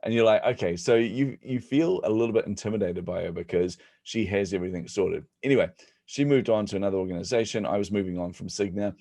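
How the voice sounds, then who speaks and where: Deep-voiced New man telling stories. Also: fast, gravelly, no echo, clean studio sound. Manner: animated, jokey, laughs at own stories. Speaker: guest speaker. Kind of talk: storytelling in conversation.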